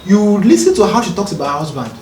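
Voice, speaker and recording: A man, a podcast co-host talking calmly and earnestly, often checking whether he is understood. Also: high-pitched, quick pace, a little hiss or hum. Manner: calm, earnest, explaining with rhetorical checks. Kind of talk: casual conversation. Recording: roomy, distant mic, faint music.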